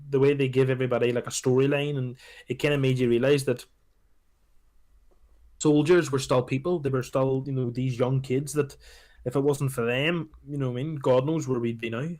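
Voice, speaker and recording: A man chatting on a podcast, animated and swearing freely as he acts out film scenes. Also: mid-range voice. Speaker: podcast co-host. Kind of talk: casual chat.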